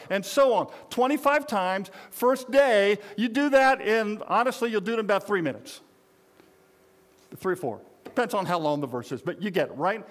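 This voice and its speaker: A pastor in his sixties with a notably high voice preaches in a loose, conversational way. He jokes with the congregation and speaks straight to them in a folksy tone. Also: moderate pace. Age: 60s. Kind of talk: conversational sermon.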